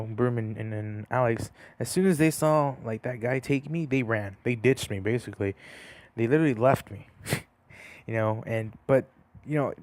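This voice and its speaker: A man's voice: mid-range voice, a little mellow, no echo. A young man casually telling a story over gameplay, rambling with lots of fillers and restarts. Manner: rambling, many fillers and restarts, laughs at himself.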